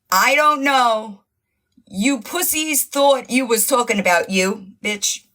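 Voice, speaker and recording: A woman's voice: a little high, slow, fairly bright tone. A woman hosting a casual livestream, mocking and profane, laughing often and losing her voice. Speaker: livestream host.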